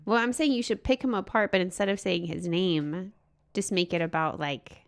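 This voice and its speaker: A woman co-hosting a comedy podcast, chatting casually with blunt, crude, deadpan remarks. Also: lowish voice, moderate pace, creaky. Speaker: podcast co-host, comic.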